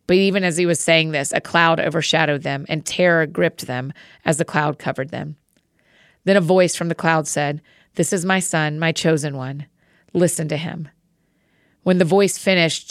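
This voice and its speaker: A woman reading scripture aloud in a measured, clear way. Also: sits low, dry recording, studio quality. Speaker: Bible reader.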